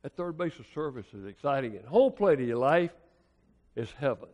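A man's voice: mid-range voice, lively intonation, normal speed. An American man preaching a sermon, telling stories in a folksy, colloquial, dramatic way. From United States. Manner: folksy, colloquial, dramatic storytelling with swings in loudness. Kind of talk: storytelling sermon. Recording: long hall reverb.

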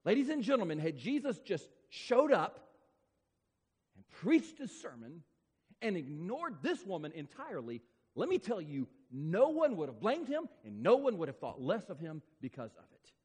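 A man preaching a sermon as pastor, emphatic and repetitive, stretching key words out slowly for effect. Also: high-pitched, wildly swooping pitch, a little mellow, husky. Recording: long reverb of a large hall.

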